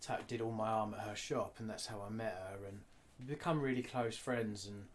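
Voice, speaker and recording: A man talking candidly in an interview, blunt and animated, swearing freely. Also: on the low side, brisk. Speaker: guest artist.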